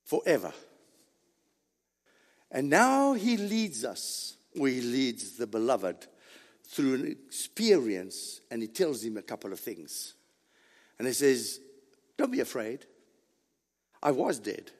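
A man preaching a sermon, emphatic and repetitive, building to near shouts. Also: medium pitch, very animated, slow, pauses often. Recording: long hall reverb.

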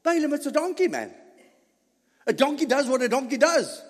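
Male pastor, theatrical sermon delivery, high voice, unhurried; hall reverb. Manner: animated, theatrical, laughing often. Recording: echoey church hall reverb.

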